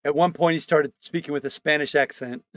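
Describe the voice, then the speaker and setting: A man's voice: a little high, steady tone, brisk, a bit bright, no room sound. A male comedian co-hosting a casual podcast, thinking aloud in a loose way with restarts. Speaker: comedian co-host.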